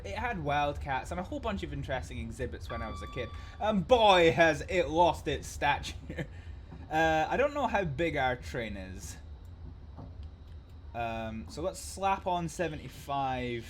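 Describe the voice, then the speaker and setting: A young Scottish man streams a train game and rambles between instructions, swearing and chuckling. His voice sits a little higher than most men's, and a faint room hum runs underneath. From Scotland. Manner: rambling, sweary, laughs often, many fillers. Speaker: livestream host playing a train simulator. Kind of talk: casual gaming commentary with anecdotes.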